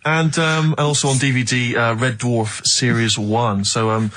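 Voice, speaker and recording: A man's voice: medium pitch, steady tone, normal speed, very noisy. A man co-hosting a radio show, asking questions in a dry, mock-earnest way. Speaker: radio co-host. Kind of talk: casual radio banter.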